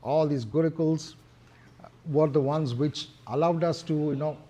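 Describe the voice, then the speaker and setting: A middle-aged man with an Indian English accent giving a devotional discourse, talking in a halting way with many fillers and restarts. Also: fairly high pitch, mellow. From Hyderabad, India. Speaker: temple speaker.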